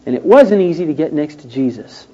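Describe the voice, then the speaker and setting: Male preacher, slightly high, warm voice, storytelling sermon, dull lo-fi recording. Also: animated, a little fast. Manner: storytelling with acted-out quotes, rising and falling emphasis.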